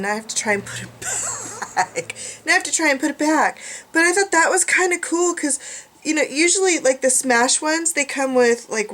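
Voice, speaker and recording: A middle-aged woman talking casually to her viewers, chatty and rambling with a self-mocking streak. Her voice sits a little high for a woman. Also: fairly bright tone. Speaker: craft vlogger. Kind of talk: casual chat.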